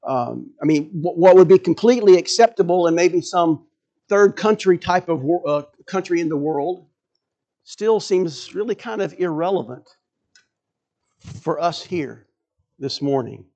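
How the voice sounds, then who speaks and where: A man's voice: a little high, expressive, a little slow, warm tone, lo-fi sound. A man preaching a sermon in a conversational way, restarting phrases and asking rhetorical questions. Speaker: pastor.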